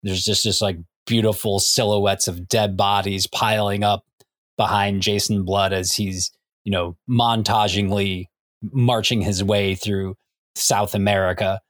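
A man's voice: fairly low pitch, fairly even intonation, unhurried, fairly bright tone, no room sound, studio quality. A man co-hosting a casual comics podcast, rambling and full of restarts. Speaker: podcast co-host. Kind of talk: casual chat about comics.

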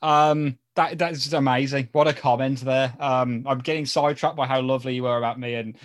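A man's voice: medium pitch, fairly even intonation, no echo. Guy cohosting a podcast, reads out fan mail, chatty with lots of ums, dry mic. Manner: chatty, many fillers, quick laughs. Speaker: podcast co-host. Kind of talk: casual chat, reading listener mail.

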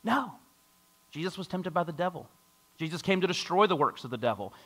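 A man's voice: high voice, fairly quick, slightly rough. A man preaching a sermon to a congregation, reading scripture and acting out a doubter's voice. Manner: lively preaching with a mocking skeptic voice and scripture reading. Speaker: pastor.

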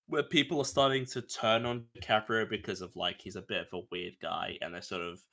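A man's voice: lowish voice, steady tone, brisk, sharp tone. An Australian man co-hosting a podcast, rambling casually about films with restarts and swearing. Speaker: podcast co-host. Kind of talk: casual film chat.

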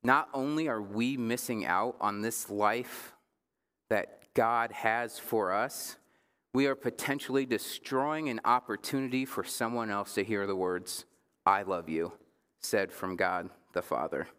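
A man in his thirties, a pastor giving a casual sermon, joking with the congregation and slowing down for emphasis. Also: lowish voice, a bit bright, smooth, big-room sound. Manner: conversational preaching with jokes and slow emphatic phrases. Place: church sanctuary.

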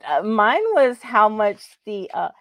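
A woman's voice: mid-range voice, expressive, measured pace, fairly bright tone, no room sound. A woman co-hosting a casual roundtable chat, laughing often and backing the other host up with frequent agreement. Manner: giggly, frequent mm-hmms.

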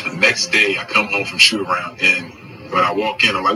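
A man, a professional athlete, telling a story in animated, casual slang. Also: deep voice, a little fast, distant mic, over music, low-quality recording. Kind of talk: storytelling interview.

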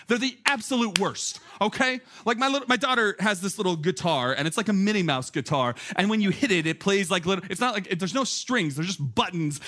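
A man in his thirties delivers a sermon as a pastor. His voice sits high for a man and stays animated and chatty, padded with filler words, and it climbs toward near shouts as he builds.

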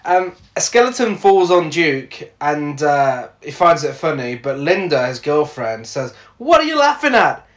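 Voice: mid-range voice, big pitch swings, measured pace, few pauses, a bit bright. A podcast co-host recapping a film in casual chat, laughing often and swearing freely. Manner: giggly, swears freely, recaps plot with quoted lines.

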